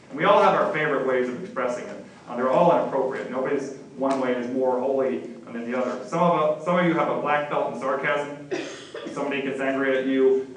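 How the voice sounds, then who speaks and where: A man's voice: medium pitch, slight background noise. A middle-aged man as pastor, preaching a sermon in a conversational, humorous way. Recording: very echoey, from far off.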